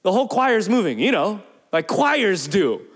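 A man preaching, telling a personal story in a lively, animated way and acting out the quotes. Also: high voice, moderate pace. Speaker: pastor. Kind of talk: storytelling sermon.

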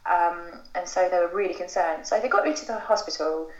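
A woman's voice: on the low side, a little fast. A woman in her thirties, a podcast guest telling a long personal story in a chatty, rambling way with fillers and self-corrections. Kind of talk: casual podcast chat. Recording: roomy, dull lo-fi sound.

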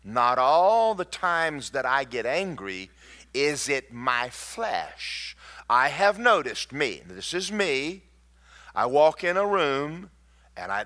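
A man, a pastor telling stories in a sermon, emphatic and swinging between loud and hushed. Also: a little high.

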